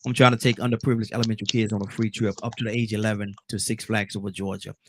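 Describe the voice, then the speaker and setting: A man's voice: lowish voice, level tone, racing, noisy background. A man hosting a live call-in talk show, chatty and joking with callers.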